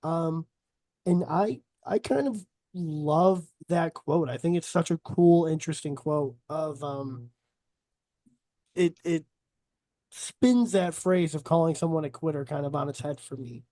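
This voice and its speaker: A man's voice: fairly high pitch, a little slow, warm tone, no echo. A young man hosting a casual podcast, asking rambling questions full of fillers. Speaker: podcast host. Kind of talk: casual chat.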